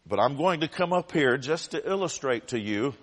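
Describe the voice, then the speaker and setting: A man's voice: a little high, expressive, moderate pace, fairly bright tone, husky. A man preaching as pastor, reading Scripture with dramatic, crying-out intensity. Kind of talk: sermon. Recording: long hall reverb.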